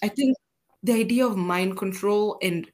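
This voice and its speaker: A young adult woman from Kenya, a podcast guest telling personal stories in a lively, self-deprecating way. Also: medium pitch, normal speed. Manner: animated, self-deprecating, acts out quotes. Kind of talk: casual conversational storytelling.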